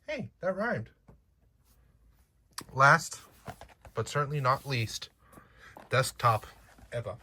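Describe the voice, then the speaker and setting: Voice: mid-range voice, big pitch swings, takes it slowly, long pauses, sharp tone, slight background noise. A chatty unboxing vlogger with a slight accent who talks playfully to viewers and cracks jokes along the way. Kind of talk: casual unboxing chat.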